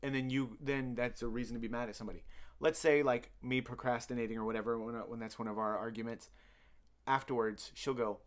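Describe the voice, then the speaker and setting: A man's voice: medium pitch, fairly even intonation, brisk. Young man, casual vlog chat, playful, teasing, mid-range voice. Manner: playful, teasing, laughs often. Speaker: vlog co-host.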